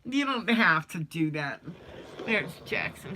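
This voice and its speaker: Hosting a relaxed livestream, a woman chats in a folksy way and reads viewers' comments out loud. Her voice sits on the low side, sing-song and pushed bright, and she takes her time. A faint hiss or hum is audible.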